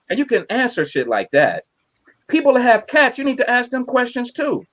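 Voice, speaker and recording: Animated young man doing stand-up. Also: very high voice, normal speed. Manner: animated, crude, laughs at own jokes. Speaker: stand-up comedian. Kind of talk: stand-up comedy set.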